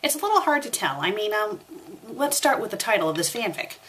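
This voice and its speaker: A woman's voice: medium pitch, sing-song, a little fast, fairly bright tone. A young woman reading a story aloud for a comedic review, breaking off for sarcastic asides. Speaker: fanfiction reviewer.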